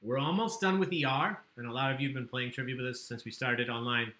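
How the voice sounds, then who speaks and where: A man's voice: mid-range voice, fast, pushed and bright, reverberant. A man hosting a livestreamed trivia game, chatty and joking as he reads out the questions. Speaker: trivia host.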